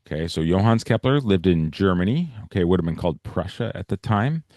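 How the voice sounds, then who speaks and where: A man's voice: low voice, expressive, fairly quick, dark tone, dry recording. A male teacher giving a casual, explanatory science lecture on a video call, often checking in with "right?" and "okay?". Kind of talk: online class lecture.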